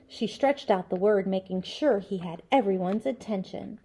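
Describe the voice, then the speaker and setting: A woman teacher reading a children's chapter book aloud with expressive storybook delivery. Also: medium pitch, moderate pace, hardly any pauses, breathy edge.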